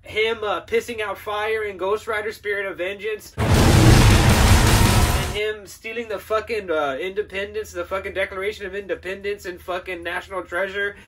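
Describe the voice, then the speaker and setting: A man's voice: sits high, level tone, brisk, few pauses, very noisy. A man hosting a podcast, giving a casual, profane and sarcastic film review with frequent laughter. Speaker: podcast host.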